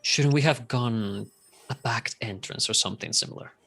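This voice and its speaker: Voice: medium pitch, normal speed, vocal fry, fairly bright tone, husky. A woman player in a tabletop game, hesitant and stammering as she speaks. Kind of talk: tabletop role-play.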